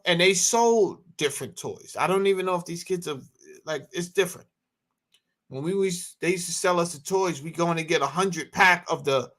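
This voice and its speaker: A man's voice: on the high side, pushed and bright. A man in his thirties hosting a casual chat, telling loose stories and bantering with his audience. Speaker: host.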